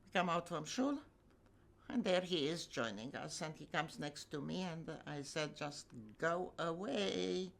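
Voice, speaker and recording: A woman's voice: deep voice, expressive, moderate pace. An older woman telling her own life story in a vivid, emotional way with flashes of wry humor. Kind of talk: personal storytelling.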